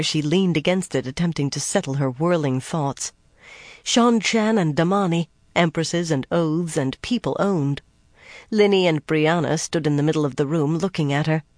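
An audiobook narrator reading fantasy prose in an even, steady way. The voice is close and completely dry, with nothing behind it. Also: mid-range voice, normal speed, no room sound.

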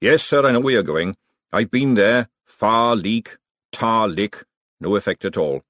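A man's voice: lowish voice, unhurried, fairly bright tone, dry recording, clean studio sound. A man voicing a nervous, hapless male chef who talks apologetically and miserably.

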